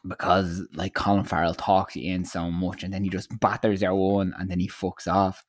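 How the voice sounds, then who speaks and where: A young man with an Irish accent talks in loose, animated chat, swearing freely as he tells a story. His voice sits on the lower side and sounds close and dry, with no room around it. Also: normal speed, no echo. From Ireland. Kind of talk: casual chat.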